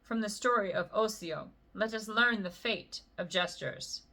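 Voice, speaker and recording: A woman's voice: medium pitch, measured pace, pushed and bright. A woman voicing a solemn old male storyteller who draws a lesson for his listeners.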